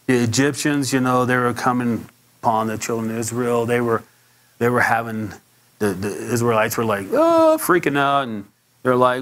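Pastor guy preaching like he's just telling you a story, trips over words some, mid pitched voice. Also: expressive, normal speed, fairly bright tone. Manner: leaps much higher when acting out quotes; stumbles and repeats words. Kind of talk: sermon.

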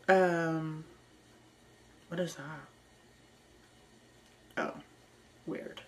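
Low, slow-talking woman reading messages. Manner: dry, amused asides with frequent laughs and ums. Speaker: vlogger. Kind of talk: casual vlog, reading messages aloud.

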